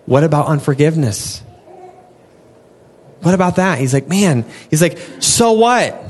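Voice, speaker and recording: A man's voice: on the high side, normal speed, darkish tone, breathy edge. A young adult man preaching an earnest, conversational sermon, often acting out his prayers and God's replies. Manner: earnest, conversational, acts out dialogue with God.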